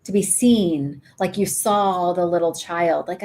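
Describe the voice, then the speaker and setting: A woman's voice: on the low side, measured pace, hardly any pauses, darkish tone, a little hiss or hum. A middle-aged woman co-hosting a podcast, walking the listener through a guided imagery story and acting out its voices. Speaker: podcast co-host. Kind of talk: guided imagery exercise in casual chat.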